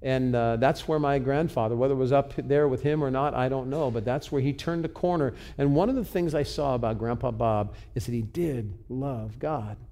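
A man's voice: medium pitch, normal speed, hardly any pauses, mellow. A man in his sixties, a pastor telling personal stories in a sermon, earnest and confessional, often restarting his words. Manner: earnest, confessional, with frequent stumbles and repeats. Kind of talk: sermon storytelling.

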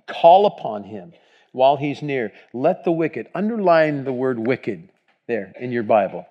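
A man's voice: mid-range voice, very animated, measured pace, warm tone, dull audio. A man preaching a sermon, reading scripture aloud with emphasis and putting questions to his congregation. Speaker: pastor. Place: church.

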